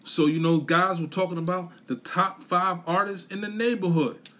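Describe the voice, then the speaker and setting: A man delivers a blunt, profane pep talk on a podcast, hammering his points with repetition and street slang. His voice sits a little high for a man and has a husky, grainy edge. He swears freely and talks straight at the listener. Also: fairly even intonation, normal speed, a bit bright. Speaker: podcast host. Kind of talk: profane motivational rant.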